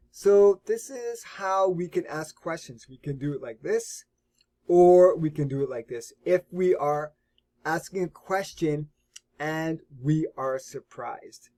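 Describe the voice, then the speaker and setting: A man teaching English grammar in a lesson video, explaining slowly and carefully and repeating key words. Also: on the high side, mellow.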